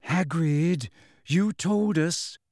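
A man doing a shrill, frightened teenage girl. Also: lively intonation, a little slow, darkish tone, no echo, studio quality, exaggerated voice. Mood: anxious, shrill. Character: anxious clever teenage girl, shrill when upset.

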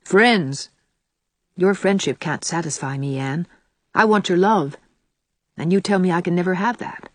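A woman reading the lines of an earnest young man, quiet and steady in her delivery. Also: lowish voice, unhurried, pauses often, dry recording. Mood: bitter, resigned.

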